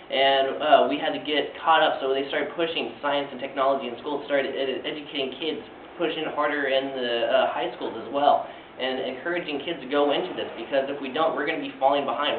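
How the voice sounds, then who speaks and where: A man's voice: medium pitch, slight background noise. Young male student speaker, earnest, filler-heavy, far-off, echoey and tinny recording. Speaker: student giving a class speech. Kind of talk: presentation speech. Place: classroom.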